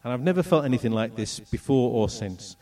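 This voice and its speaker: Middle-aged man from England, animated testimony speaker, mid-pitched voice, distant mic. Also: a little fast. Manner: animated storytelling, acts out voices and moments. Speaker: speaker telling his testimony. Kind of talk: personal testimony talk with slides.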